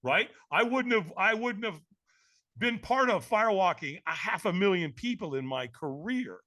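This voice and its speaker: A man who is a podcast guest, telling a story in an energetic, emphatic way and acting out the other people in it. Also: high voice, moderate pace. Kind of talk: animated storytelling.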